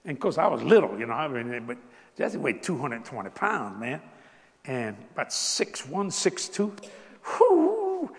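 An older man from South Louisiana with a Cajun accent, preaching a folksy storytelling sermon, animated and laughing as he tells stories. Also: medium pitch, moderate pace, creaky, big-room sound. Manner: animated, laughing, Southern drawl, rising to exclamations.

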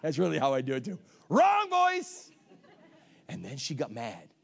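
A male pastor preaching a sermon, emphatic, with shouted lines and playful asides. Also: mid-range voice, sing-song, quick pace, vocal fry, slightly rough.

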